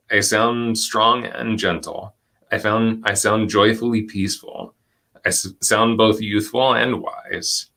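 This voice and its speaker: Gentle, reflective man leading a workshop. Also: fairly low pitch. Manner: gentle, reflective, with slow deliberate stretches and soft laughs. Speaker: presenter and educator. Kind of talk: live online workshop, reading chat comments.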